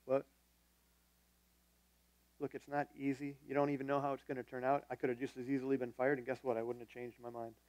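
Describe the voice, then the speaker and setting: A man's voice: medium pitch, monotone, a little fast, long pauses, darkish tone, no room sound. A man preaching a sermon as the church's pastor, telling a personal story in a conversational, self-deprecating way.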